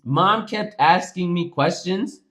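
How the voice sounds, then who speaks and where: A man's voice: sits high, slow. A young man co-hosting a podcast, ranting in casual chat with lots of swearing. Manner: animated, profane ranting. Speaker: podcast co-host.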